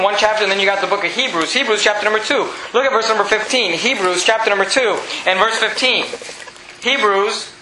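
A man preaching from the pulpit with a very high voice and a bright, sharp edge. He walks the congregation through scripture and voices their questions for them. His voice rings around an echoey church room. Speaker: pastor. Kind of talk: sermon.

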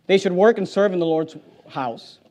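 A middle-aged pastor preaching a sermon in church, emphatic with sudden loud bursts. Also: male voice, high-pitched, normal speed.

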